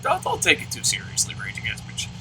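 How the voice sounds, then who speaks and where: A man's voice: fast, bright, forceful tone, slight background noise, poor audio. A man hosting a let's play, commenting on a baseball game and answering viewer comments in a profane, ranting way.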